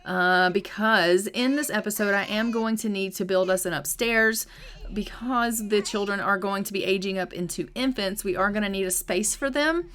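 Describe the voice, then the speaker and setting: A woman's voice: medium pitch, moderate pace, fairly bright tone. Chatty woman narrating a game. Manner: chatty, upbeat, frequent "um" fillers. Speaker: gaming channel host. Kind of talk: casual let's-play commentary.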